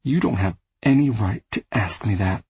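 A man's voice: lowish voice, normal speed, a little mellow, breathy edge, dry recording. A man voicing an exasperated adult woman in an audiobook, subdued and sarcastic. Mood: weary. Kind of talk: audiobook character voice.

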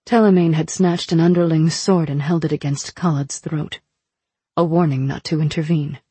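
A woman narrating a novel in the first person as an audiobook reader, in a hushed, dark manner. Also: low-pitched, fairly even intonation, moderate pace, husky, no room sound.

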